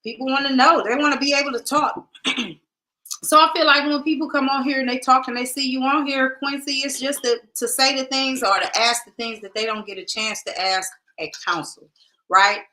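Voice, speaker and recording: Brief: woman podcast host, chatty and direct, bright higher voice. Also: steady tone, moderate pace. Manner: chatty, laughing, talks straight to viewers. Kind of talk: casual livestream chat.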